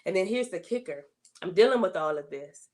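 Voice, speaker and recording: A woman's voice: expressive, brisk, a little mellow. Woman guest, faith testimony, earnest, emotional, repeats herself for emphasis. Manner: earnest, emotional storytelling with repetition; rises in pitch when voicing her complaints to God. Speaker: interview guest.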